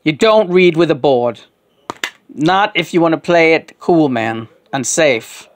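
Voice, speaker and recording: A woman voicing the channeled spirit of a blunt, profane man, with a gruff, lecturing way of talking. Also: low-pitched, expressive, unhurried, slight background noise. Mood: stern. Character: blunt, profane British male spirit speaking through a medium.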